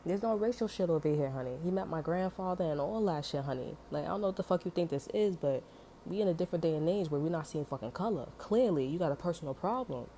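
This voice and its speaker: A woman's voice: lowish voice, animated, fast talker, mellow, a little hiss or hum. A woman telling a story in a casual, heated monologue, swearing often and filling her talk with "you know" and "like". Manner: heated, profane, many fillers.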